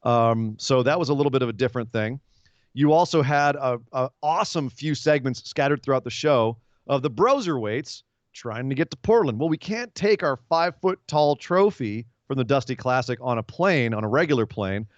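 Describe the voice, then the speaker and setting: A man's voice: medium pitch, animated, dry recording. Chatty man recapping wrestling, lo-fi. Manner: rambling, retells comedy segments with quick voiced asides. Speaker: podcast co-host. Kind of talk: casual wrestling recap chat. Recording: dull lo-fi podcast audio, dry.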